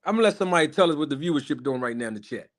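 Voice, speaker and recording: A man's voice: a little high, lively intonation, rapid-fire. Hype man hosting a live stream. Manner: hype, chatty, calls out to the chat. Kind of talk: casual live stream talk.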